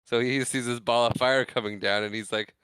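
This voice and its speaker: A man's voice: medium pitch, steady tone, fairly quick, fairly bright tone, clean tone, dry recording, studio quality. A man co-hosting a podcast, chiming in with short, wry reactions and quips. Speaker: podcast co-host. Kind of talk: casual chat.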